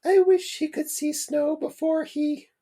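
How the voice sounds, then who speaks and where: A man reading a story aloud and voicing a grieving mother of a sick boy in a high falsetto. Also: fairly even intonation, measured pace, mellow. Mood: sorrowful. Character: anxious mother of a dying boy.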